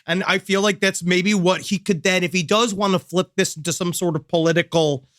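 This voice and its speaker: A man co-hosting a casual comedy podcast, riffing excitably and joking as he reads stories aloud. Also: sits high, a little fast, no echo, clean studio sound. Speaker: podcast co-host.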